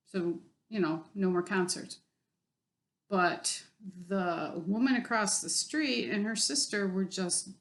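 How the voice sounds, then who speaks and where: A woman in a casual vlog, talking bluntly and with plenty of profanity. She sounds exasperated and fed up as she tells her story, pitched at a middling level. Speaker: vlogger.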